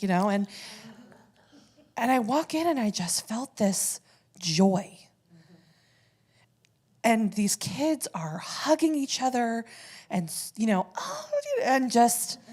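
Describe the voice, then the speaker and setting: A woman from a community theater speaking off the cuff at a church service, emotional, halting and laughing between phrases as she thanks the congregation. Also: mid-range voice, darkish tone. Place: church sanctuary.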